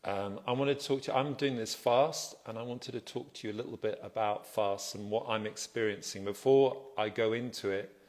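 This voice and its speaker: A man hosting a casual phone livestream from home. He chats in a relaxed, soft-spoken, self-deprecating way, greeting viewers and reading out their comments. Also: on the low side, moderate pace, hardly any pauses. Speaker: livestream host.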